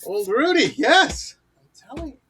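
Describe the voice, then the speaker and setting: A middle-aged man hosting a show and telling stories in a lively, animated way. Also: very high-pitched, unhurried, slight background noise. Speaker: host. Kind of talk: casual storytelling.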